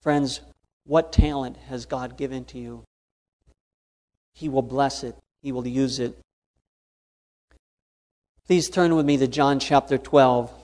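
A man's voice: medium pitch, fairly even intonation, slow pace, long pauses, a little mellow. A man preaching a sermon, earnest and fond of repeated emphasis. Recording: long hall reverb.

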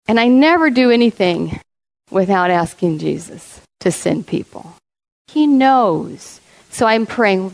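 A woman preaching a personal testimony in a fairly high voice. She tells her story with lively energy and acts out each quoted voice as she goes. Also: poor audio. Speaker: church speaker and health class teacher.

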